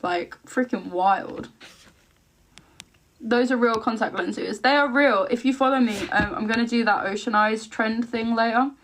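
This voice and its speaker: A woman's voice: fairly high pitch, a little hiss or hum. A chatty, giggly English woman in her twenties from the east of England, hosting a casual live stream and answering viewer comments. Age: 20s. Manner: chatty and giggly, quick asides. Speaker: livestream host.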